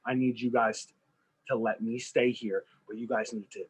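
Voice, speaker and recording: A man's voice: mid-range voice, moderate pace, slightly rough, rough recording. A man co-hosting a podcast, casually telling a made-up movie plot and acting out the characters' lines. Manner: animated, acts out characters' lines. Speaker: podcast co-host. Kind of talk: casual storytelling chat.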